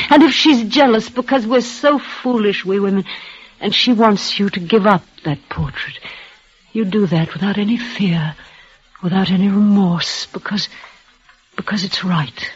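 An actress playing a dying young woman in a vintage radio drama, speaking in a breathless, halting, tremulous way. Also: medium pitch, husky. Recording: dull old radio recording.

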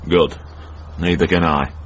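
Uncle Mort, a grumpy old northerner. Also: male voice, deep voice, fairly even intonation, unhurried, a little hiss or hum. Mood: gruff. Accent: Northern English. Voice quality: husky, grumbling. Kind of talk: radio drama acting. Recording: muffled radio broadcast.

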